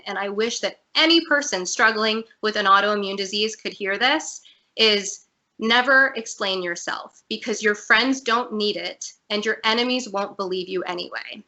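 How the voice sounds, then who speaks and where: A woman speaks as a guest over a video call, her voice bright and clear. She talks openly and earnestly about her own life, at a mid pitch for a woman. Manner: earnest, candid, emotional at times. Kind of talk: personal story in an interview.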